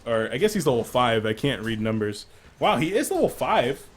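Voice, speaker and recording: A man casting a live esports match, excitable and jokey, quick to laugh at his own puns. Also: medium pitch, slight background noise. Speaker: esports caster. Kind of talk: live game commentary.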